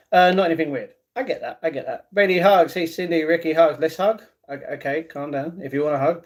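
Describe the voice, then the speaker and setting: Young male streamer, casual and chatty, reads chat aloud, a touch higher than most men. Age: 20s. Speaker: livestreaming vlogger. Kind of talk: casual live-stream chat, reading comments.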